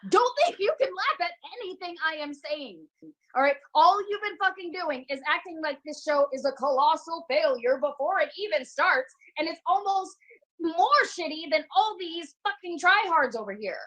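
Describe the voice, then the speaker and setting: Daphne, a scornful, foul-mouthed actress. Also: female voice, very high-pitched, expressive, moderate pace, a bit bright, rough recording. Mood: contemptuous. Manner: insulting, swearing. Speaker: actor in a Zoom rehearsal. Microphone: video call.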